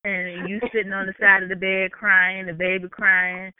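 A woman joking and teasing in a casual chat, with quick reactions. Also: mid-range voice, little pitch movement, slight background noise. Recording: tinny phone-like line, dry.

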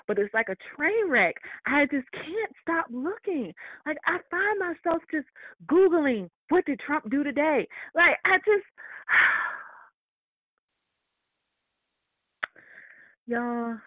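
A woman co-hosting in casual, profane chat, brash and quick to cackle. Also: on the high side, expressive, no room sound. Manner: brash, cackling, loud laughter. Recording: tinny phone-like audio.

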